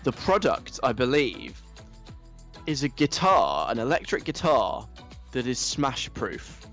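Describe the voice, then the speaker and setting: Wry radio host. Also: male voice, medium pitch, wildly swooping pitch, takes it slowly, a bit bright, soft background music. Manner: wry, mocking, chatty. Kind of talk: casual comic radio monologue.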